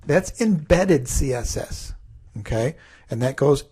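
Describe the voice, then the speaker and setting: A man teaching a class through a relaxed, conversational screen-recorded coding tutorial, thinking aloud as he works. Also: medium pitch, slow, husky.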